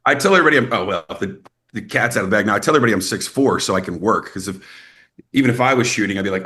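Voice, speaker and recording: A young adult man from Texas, an actor guest in a casual interview, telling animated stories and acting out quoted people. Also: rapid-fire. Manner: animated storyteller, acts out quotes with rising pitch.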